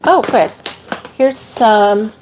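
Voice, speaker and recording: A middle-aged woman chatting casually while sorting yarn for her crochet channel, self-deprecating and quick to laugh. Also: a little high, background noise. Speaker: crochet vlogger.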